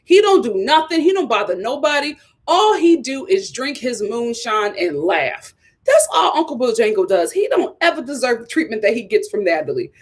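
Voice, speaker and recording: A woman hosting a live stream, giving sassy, animated commentary on a reality show and talking straight to her viewers. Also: a little high, moderate pace, husky. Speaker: live show host reviewing a reality series.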